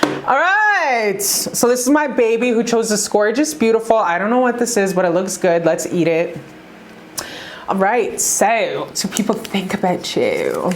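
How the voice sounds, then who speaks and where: A woman's voice: mid-range voice, animated, normal speed, a little mellow, slight background noise. A woman giving a casual tarot reading to camera, emphatic and profane, with big swings in her delivery. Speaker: tarot reader. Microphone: talking to camera.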